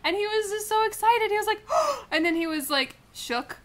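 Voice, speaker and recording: A woman with a high, bright, sharp voice chats excitedly as a podcast co-host. She acts out other people's lines with big leaps in pitch. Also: fairly quick. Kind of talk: casual chat.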